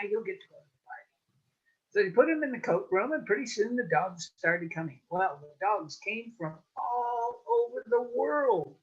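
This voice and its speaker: A woman storyteller telling a folk tale to an audience in an animated, rhythmic way over a video call, with dull lo-fi audio. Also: medium pitch, breathy edge. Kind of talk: oral storytelling.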